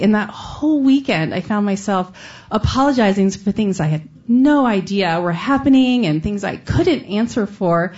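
A woman's voice: medium pitch, expressive, normal speed, a little mellow, muffled recording. A woman from Texas telling a true personal story in an earnest, conversational way, now and then breaking into a laugh. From Austin, Texas, USA.

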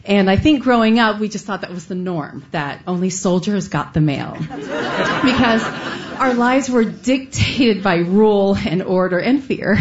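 A middle-aged woman from the United States telling a heartfelt personal story on stage, earnest with light laughs. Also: mid-range voice. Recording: dull lo-fi sound.

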